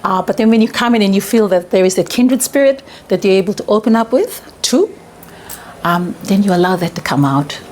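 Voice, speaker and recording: A woman's voice: medium pitch, fairly quick, slight background noise. A woman giving an earnest, reflective testimonial about a retreat in an interview. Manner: earnest, reflective, laughs when excited.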